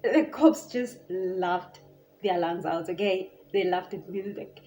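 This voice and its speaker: A young South African woman with a South African accent, telling a story to camera in a casual, animated, chatty way. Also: on the low side, slow, faint music behind. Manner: animated, chatty, lots of filler "like". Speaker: vlogger.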